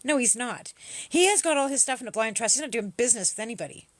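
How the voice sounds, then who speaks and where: A woman's voice: fairly high pitch, lively intonation, quick pace, no echo. A woman hosting a livestream, arguing with commenters in a combative, profane, mocking manner. She is from Canada. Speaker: livestream host. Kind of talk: livestream chat replying to comments.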